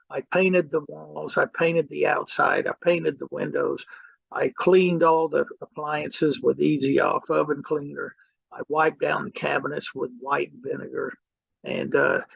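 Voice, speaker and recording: A man with a raised pitch and heavy fry teaches by telling an anecdote, acting out each person he quotes. The recording is dry, with no room sound, and has a muffled lo-fi quality. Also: dry recording. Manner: storyteller who acts out quoted people, repeating "he goes". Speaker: real estate mentor.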